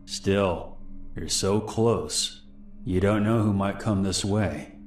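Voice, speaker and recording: A man voicing a creepy young man in his twenties who poses as a park ranger and talks in a smooth, falsely friendly way, in an animated horror story. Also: deep voice, slow, reverberant, soft background music. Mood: menacing.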